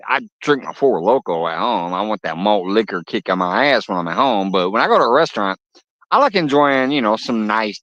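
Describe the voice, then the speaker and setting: A man's voice: fairly low pitch, a bit bright, dry recording. A man hosting a fishing livestream outdoors at a lake, chatting casually with viewers and telling stories with lots of swearing and laughter. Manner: profane, laughing storyteller. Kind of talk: casual live chat with viewers. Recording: dull lo-fi audio.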